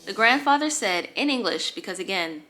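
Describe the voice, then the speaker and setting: A woman's voice: medium pitch, a little fast. A woman vlogger telling a storytime tale in casual chat, acting out the voices of the people in it. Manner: animated, acts out quoted voices.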